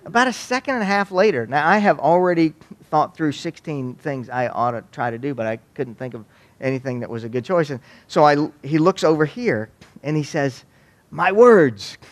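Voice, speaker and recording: With a slightly high, brisk voice, a Waco, Texas native jokes his way through a storytelling talk on youth ministry for an audience, animated and folksy throughout.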